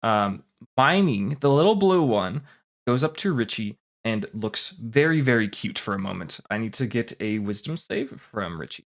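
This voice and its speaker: A man's voice: fairly low pitch, very animated, moderate pace. Casual man narrating a tabletop game. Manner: casual, with frequent um and uh fillers. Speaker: game master.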